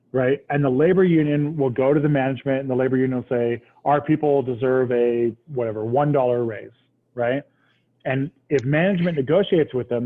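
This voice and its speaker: A man teaching a history class in a casual, conversational way, often checking in with the students. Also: mid-range voice. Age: adult, past military service. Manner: conversational, checks understanding with "right?". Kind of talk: classroom lecture. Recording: tinny phone-like recording.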